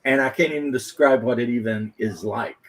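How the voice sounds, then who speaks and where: A man in a relaxed podcast chat, talking about drinks and joking wryly with his friends. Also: medium pitch, a little fast, poor audio. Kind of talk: casual chat.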